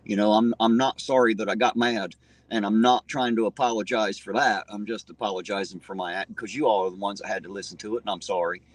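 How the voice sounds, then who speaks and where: A man with a fairly low, steady voice talks quickly while hosting a casual livestream, with no room sound on the recording. He reads viewer comments and answers them bluntly, swearing freely and restarting his sentences.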